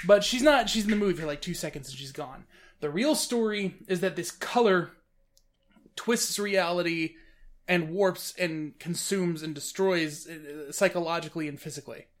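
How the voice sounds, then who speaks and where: A man hosting a casual chat about films, talking in an animated, rambling way with frequent restarts. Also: sits high, normal speed. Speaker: podcast host reviewing films.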